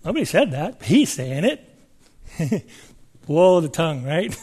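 A man's voice: fairly high pitch, sing-song, takes it slowly, long pauses, darkish tone, slightly rough. A man preaching a sermon, reading scripture aloud and asking the listeners emphatic questions.

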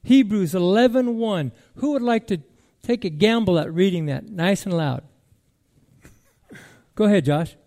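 A male pastor preaching with a notably high voice. He speaks slowly and emphatically, repeating key words and shifting between loud declarations and hushed reflection. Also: animated. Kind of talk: sermon.

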